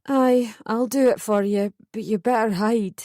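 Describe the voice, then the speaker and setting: A woman voices a dry, tart aunt in an audiobook, blunt but kind underneath. Her voice is fairly high and close, with no room sound. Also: steady tone, measured pace, dark tone, no echo, natural voice.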